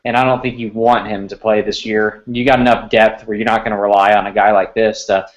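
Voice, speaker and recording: A man's voice: on the low side, level tone, fairly quick, muffled recording. A man who covers sports recruiting, chatting casually and restarting his sentences as he thinks. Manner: conversational, repeats words while thinking. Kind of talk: casual podcast chat.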